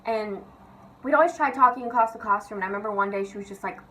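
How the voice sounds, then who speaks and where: Young woman, vlogger, casual storytelling, giggly, swears a lot, "like" everywhere, average pitch, faint background hiss. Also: quick pace, sharp tone, poor audio. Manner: giggly, profane, filler-heavy with constant "like".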